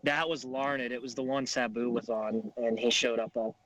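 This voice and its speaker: A man from Kansas, a wrestler guest, telling relaxed anecdotes in casual chat. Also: mid-range voice, moderate pace, a crowd in the background. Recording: faint background noise.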